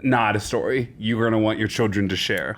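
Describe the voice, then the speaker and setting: A man's voice: on the low side, fairly quick. A man co-hosting a podcast, telling funny stories from his teaching job with lots of laughter and acted-out voices. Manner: animated, laughing, acts out voices in anecdotes. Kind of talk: casual chat, storytelling.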